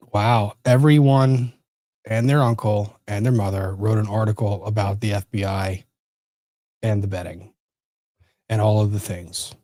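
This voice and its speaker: A man's voice: fairly low pitch, mellow, no room sound, clean studio sound. A man hosting a casual legal commentary livestream, rambling and easily sidetracked. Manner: rambling, easily distracted, self-interrupting. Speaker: livestream host.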